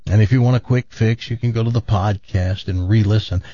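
A man's voice: lowish voice, a little fast, dark tone, no echo. A man hosting a radio show in casual chat, rambling and joking, with a put-on Southern accent. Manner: rambling, self-interrupting, joking. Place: radio studio. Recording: slightly muffled radio broadcast.

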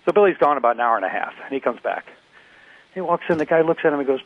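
A man's voice: mid-range voice, animated, racing. A man calling in to tell jokes, rambling and hesitant as he goes, over a tinny phone line. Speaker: caller. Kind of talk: telling jokes.

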